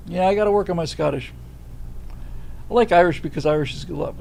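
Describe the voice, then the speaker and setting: A man's voice: high voice, fast, gravelly, pauses often, darkish tone, a little hiss or hum, poor audio. A man hosting a livestream, chatting casually and telling rambling anecdotes. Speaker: host.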